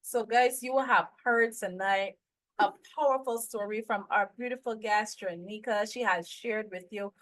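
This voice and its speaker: A woman's voice: medium pitch, unhurried, a bit bright, low-quality recording. A woman hosting a talk show, effusive and fond of repeating words as she thanks her guest and urges listeners to share. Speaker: host.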